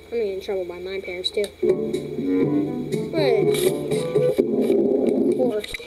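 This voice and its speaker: A woman's voice: mid-range voice, a little slow, loud music behind the voice, rough recording. A woman hosting a casual toy vlog, rambling dramatically and breaking into shrieks. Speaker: channel host.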